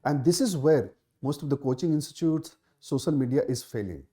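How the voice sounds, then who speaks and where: Indian English male exam tutor, live Q&A, lively pitch, mellow tone, repeats key points. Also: fairly quick. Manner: emphatic, repeats key phrases, many fillers. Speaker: exam coaching teacher. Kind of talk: live Q&A session answering student questions.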